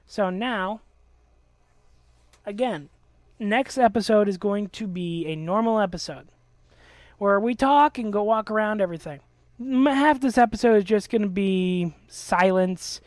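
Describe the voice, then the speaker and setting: A man's voice: high-pitched, animated, moderate pace, long pauses, darkish tone, no echo. Angry ranting young man, dry sound. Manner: angry, profane, aggrieved rant. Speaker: Let's Play host. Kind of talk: ranting commentary over gameplay.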